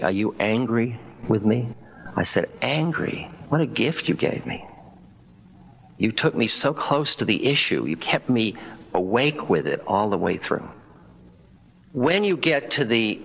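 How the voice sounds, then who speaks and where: Older male spiritual teacher, deep voice, relaxed lecture storytelling. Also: poor audio. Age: 60s. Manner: conversational, wry, quotes dialogue in stories. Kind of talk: public talk with storytelling. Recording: 1992 lecture recording.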